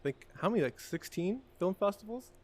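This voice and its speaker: A man's voice: high-pitched, lively intonation, a little fast. A man guesting on a podcast at a distillery, friendly and jokey in casual chat, laughing often. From Ontario, Canada. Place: indoors at a distillery.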